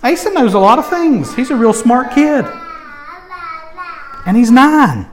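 Animated high-pitched male preacher. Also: measured pace. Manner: animated, emphatic, swings between loud urging and soft asides. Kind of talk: sermon.

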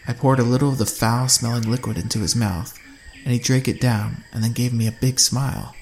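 A man narrating a first-person survival story in a steady, measured way. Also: mid-range voice, a little hiss or hum.

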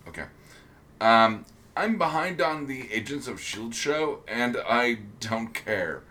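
A man's voice: mid-range voice, lively intonation, takes it slowly, bright, forceful tone. A man co-hosting a casual podcast chat, rambling with many ums and restarts. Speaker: podcast co-host.

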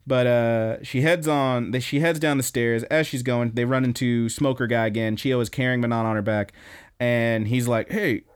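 This young podcast host has a clean, mid-range voice and speaks at normal speed. He rambles casually as he recaps an anime episode, animatedly acting out its lines.

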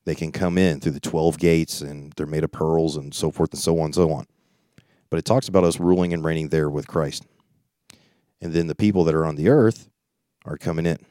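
Low, mellow-voiced man teaching scripture. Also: steady tone, brisk, dry recording, studio quality. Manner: reads scripture aloud then comments informally; conversational, with frequent restarts and asides. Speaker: preacher. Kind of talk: Bible study teaching.

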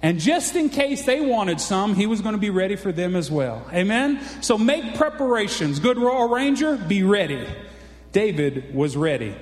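A man's voice: high voice, very animated, normal speed. A man preaching a folksy, exclamatory sermon, often calling out for an amen. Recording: echoey hall reverb.

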